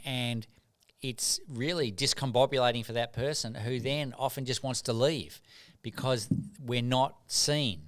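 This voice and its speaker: A man's voice: medium pitch, clear, resonant tone. A middle-aged man, a doctor telling earnest stories as a podcast guest. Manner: earnest, animated anecdotes with frequent restarts. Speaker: guest, doctor and rites of passage mentor. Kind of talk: reflective storytelling in podcast conversation.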